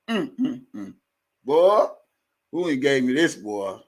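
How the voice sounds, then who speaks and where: A man's voice: mid-range voice, big pitch swings, slow pace. A man hosting a live stream, ranting heatedly to his viewers in a profane, fired-up way. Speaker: livestream host. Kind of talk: live commentary rant.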